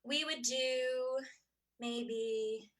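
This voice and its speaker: A woman's voice: sits high, fairly even intonation, very slow, a bit bright, slight background noise, poor audio. A young woman teaching a children's music lesson in a cheerful sing-song way, counting out rhythms and singing them for little ones to copy.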